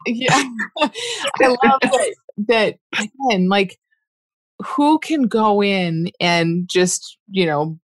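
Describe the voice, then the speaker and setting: A woman host with a mid-pitched voice responds with short, supportive affirmations in a casual conversation. Her voice sounds dry and close, with no room echo. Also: very slow.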